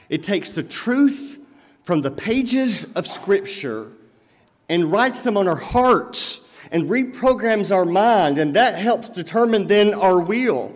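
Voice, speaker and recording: Man preaching in a reverberant church. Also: sits high. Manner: conversational preaching with everyday examples. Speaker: pastor. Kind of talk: sermon. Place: church sanctuary. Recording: long reverb of a church hall.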